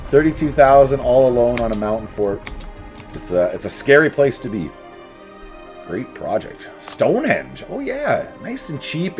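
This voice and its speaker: A man talks through his strategy game in a relaxed, joking way, his pitch bouncing up and down as he reacts. He speaks straight into a desk mic with soft game music underneath. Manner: playful, jokey, talks to the game units. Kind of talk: casual gameplay commentary. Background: faint game music.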